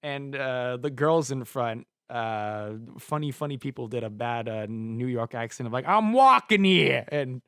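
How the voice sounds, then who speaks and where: A young man co-hosting a casual podcast, telling an animated story with lots of swearing and laughter. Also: medium pitch, measured pace, hardly any pauses, clear, resonant tone, no echo, studio quality. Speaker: podcast co-host.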